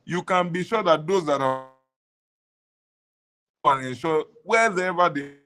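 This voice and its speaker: A man's voice: a little high, a bit bright. Earnest man making campaign promises. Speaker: political candidate guest. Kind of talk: interview answer.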